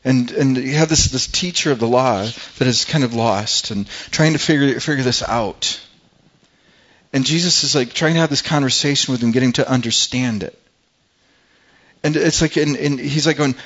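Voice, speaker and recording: A man preaching a church sermon and praying, earnest and halting, often repeating words as he speaks. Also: on the high side. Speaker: pastor. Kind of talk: sermon and prayer. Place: church service. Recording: dull lo-fi recording.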